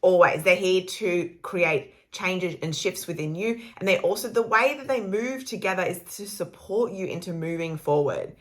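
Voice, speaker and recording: A woman's voice: lowish voice, expressive, moderate pace, few pauses. A woman, chatting casually about astrology in a rambling, laughing style with the odd swear word. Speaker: astrology vlogger. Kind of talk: casual spiritual vlog talk.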